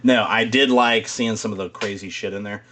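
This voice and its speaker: Low-voiced man in loose podcast chat. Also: fairly even intonation, normal speed, pushed and bright, slight background noise. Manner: rambling, swears freely, laughs often. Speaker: podcast co-host. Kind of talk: casual chat.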